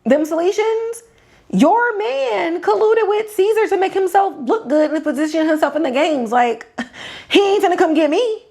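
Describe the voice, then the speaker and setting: A brash male gladiator, streetwise and flippant, firing off casual profane slang with a lively, bouncing pitch, as a woman puts him on. The voice sits high. The talk swings up and down with loose, offhand energy. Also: moderate pace.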